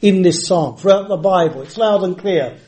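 An older man preaches emphatically, stretching words slowly and then speeding up. His voice is mellow and dark but sits fairly high. The sound carries a roomy echo, as in a church hall. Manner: emphatic, varies pace and volume, drawn-out words. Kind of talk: sermon. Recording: echoey hall.

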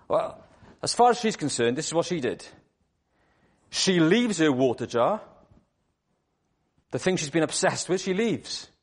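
A man delivers a church sermon, his voice sitting a little high for a man. He tells the story with drama, dropping to a hush and then rising loud. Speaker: preacher.

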